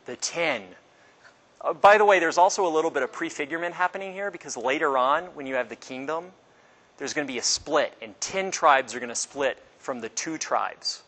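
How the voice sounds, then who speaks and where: A man leads a casual Bible class, his voice sitting a little higher than most. He talks loosely, quizzes his listeners, and acts out quotes with sudden pitch jumps, at a fairly quick pace with a fairly bright tone.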